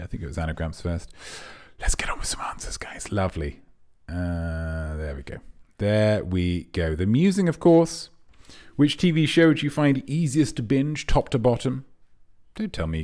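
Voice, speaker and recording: A man with a lowish voice hosts a comedy quiz stream as a pompous artiste. He rambles and meanders, with sudden theatrical leaps in pitch, and talks straight to the chat. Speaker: quiz host. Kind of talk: character comedy livestream quiz.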